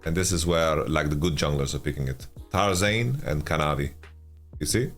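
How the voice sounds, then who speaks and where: A man giving casual esports commentary on a stream, sleepy and yawning, with relaxed speech and stammering restarts as he answers chat. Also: extremely low pitch, moderate pace, soft background music. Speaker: esports caster and analyst.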